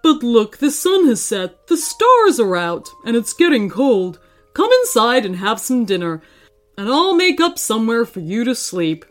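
A woman voicing a lonely, gentle big hairy male monster who stammers a little and sounds nervous and fond. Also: fairly high pitch, big pitch swings, unhurried, soft background music. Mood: warm, bashful.

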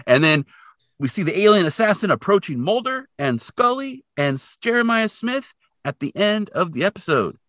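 Male podcast co-host, animated recapper, bright tone, dry close mic. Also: high voice, normal speed, no room sound. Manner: animated storytelling with sound effects and playful asides. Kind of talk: casual episode recap chat.

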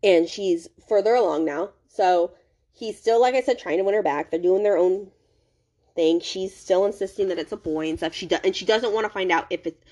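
A woman talks through a novel's plot in loose, rambling casual chat. She constantly fills gaps with "like" and "um" and keeps restarting her sentences. Her voice sits slightly low for a woman. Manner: rambling, heavy use of "like" and "um", frequent restarts. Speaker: podcast host. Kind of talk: casual book recap.

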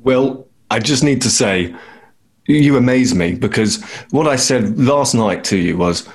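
Brisk man steering a podcast chat. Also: mid-range voice, expressive. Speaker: podcast host. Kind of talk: casual chat.

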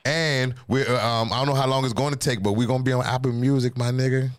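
A man's voice: medium pitch, steady tone, fast. A middle-aged man from the D.C. area with a DMV accent, hosting a podcast in rambling, profane casual chat and laughing often. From Washington, D.C. area. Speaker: podcast host.

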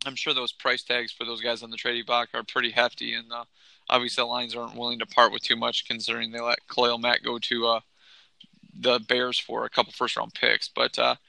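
A man hosting a casual sports talk show, his voice gravelly and sharply bright. He rambles through his takes with plenty of fillers and restarts, recorded dry and close. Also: medium pitch, no echo, poor audio. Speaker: podcast host.

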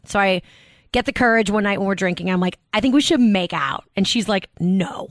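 A woman's voice: mid-range voice, no echo. A woman from the Boston area, a podcast guest telling casual stories full of "like" fillers and acted-out quotes. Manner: fast storytelling, many "like" fillers, acts out quotes. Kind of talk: casual chat.

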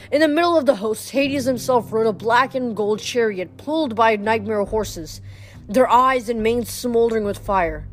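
Woman reading a novel aloud. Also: fairly high pitch. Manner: plain reading with small slips and restarts. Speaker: reader.

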